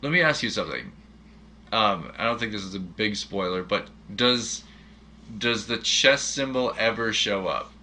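A man talks through a movie in loose, casual chat, jokey and full of quick questions. His voice is very bright and forward. A faint noise sits behind him. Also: on the low side, lively intonation.

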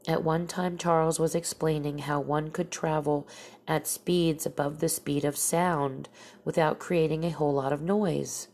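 A woman's voice: deep voice, fairly even intonation, unhurried, a little mellow, a little hiss or hum. A woman telling strange accounts aloud in a plain, matter-of-fact way, with dry asides. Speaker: storyteller.

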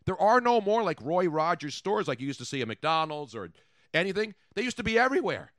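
A man's voice: high-pitched, fairly quick, dry recording, studio quality. A man hosting a comedic talk show, rambling through stories in casual chat. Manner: rambling, animated storytelling. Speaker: radio talk show host.

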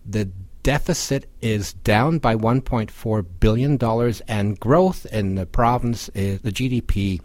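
A man on a podcast panel in casual chat, relaxed and teasing, explaining figures. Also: on the low side, measured pace, no room sound. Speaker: political columnist.

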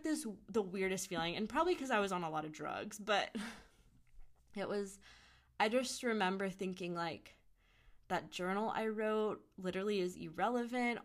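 A young woman speaks as a podcast guest, telling her story in a loose, chatty way. Her pitch sits in the middle, and she drops "like" into most sentences and acts out what others said. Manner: chatty, heavy use of "like", quotes others in lively voices. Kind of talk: casual storytelling.

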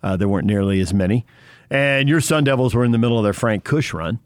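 A man's voice: medium pitch, expressive, quick pace, no echo, studio quality. A man co-hosting a sports radio show, chatting casually and laughing often with jokey asides.

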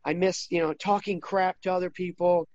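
A man in his thirties talking casually as an interview guest, rambling with many restarts and getting animated when he quotes others. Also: high-pitched, moderate pace, lo-fi sound.

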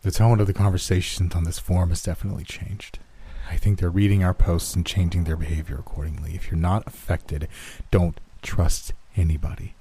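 Deep husky male horror narrator. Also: little pitch movement, a little fast, mellow. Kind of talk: scripted horror story narration.

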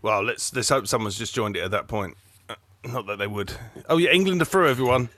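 A man's voice: medium pitch, lively intonation, brisk, fairly bright tone, no echo. A man co-hosting a podcast, chatting about football in a playful, joking way with lots of restarts. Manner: playful, jokey, stumbling restarts. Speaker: podcast co-host. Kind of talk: casual football chat.

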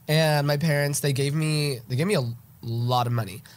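A man's voice: on the high side, normal speed. Congested young man telling a story. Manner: storytelling, filler-heavy, swears freely. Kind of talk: casual chat.

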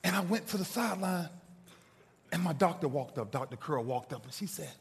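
A man giving an inspirational speech to a live audience, telling a story dramatically and swinging from loud bursts to hushed asides. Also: on the high side, animated, a little fast, gravelly. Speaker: motivational speaker. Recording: long reverb of a large hall.

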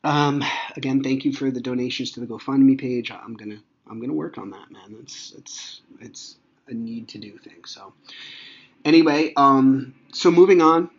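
A man's voice: medium pitch, moderate pace, slightly rough, dull audio. A man in his thirties hosting a podcast, talking casually and at length with many fillers. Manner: rambling, conversational, many fillers. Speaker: podcast host. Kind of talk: personal monologue, casual.

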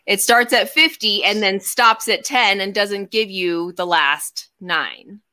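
A woman's voice: medium pitch, slow, sharp tone. A woman co-hosting a casual chat, reading items from an article aloud with fillers and frequent laughs.

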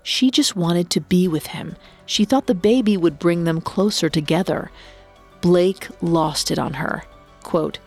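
A woman giving scripted true-crime narration in a measured way, reading quotes aloud in a flat tone. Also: fairly low pitch, faint music behind. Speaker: podcast narrator.

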